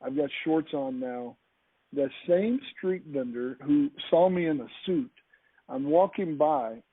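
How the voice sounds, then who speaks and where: A man's voice: on the high side, a little slow, slightly rough, no room sound. A man telling an anecdote with enthusiasm, often restarting his sentences, heard over a call. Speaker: podcast speaker. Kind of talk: animated anecdotal storytelling. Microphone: call line. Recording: tinny phone-like call audio.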